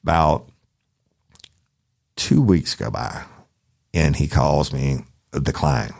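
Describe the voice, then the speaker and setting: A man with an extremely low, gravelly voice tells a true crime story. He talks casually and profanely, speaking straight to his listeners. The sound is dry and close. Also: animated, takes it slowly, a little mellow, dry recording. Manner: profane, colloquial, addresses listeners directly.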